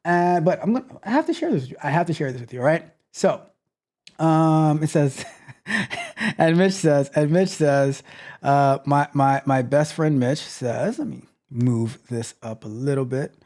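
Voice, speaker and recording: A man's voice: a little high, lively intonation, unhurried, darkish tone. A man hosting a tech livestream who reads chat aloud in a theatrical, sarcastic way, full of playful mock outrage. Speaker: host.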